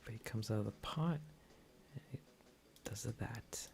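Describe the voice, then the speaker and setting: A man's voice: fairly low pitch, a little fast, creaky, darkish tone, slight background noise. A man streaming live, thinking aloud as he edits a video, mumbling to himself with whispered asides and unfinished sentences.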